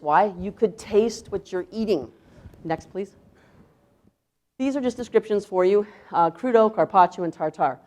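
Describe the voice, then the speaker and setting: A woman's voice: lowish voice, darkish tone. A woman chef giving a conference talk, emphatic, asking the audience rhetorical questions and acting out quoted voices. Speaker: chef presenter.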